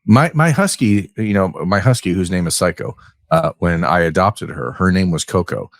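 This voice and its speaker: A man with a low, deep voice talks casually on a podcast. He rambles and restarts his sentences, and the sound is close and dry. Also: expressive, normal speed, dry recording. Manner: rambling, hesitant with many restarts. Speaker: podcast guest.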